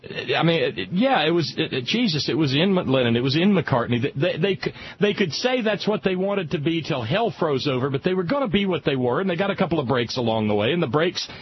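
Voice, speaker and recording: A man's voice: a little high, expressive, brisk, a little hiss or hum. A man co-hosting a radio talk show, speaking in a wry, digressive way and reaching for quotes. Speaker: radio co-host. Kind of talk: casual music chat. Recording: slightly muffled radio broadcast.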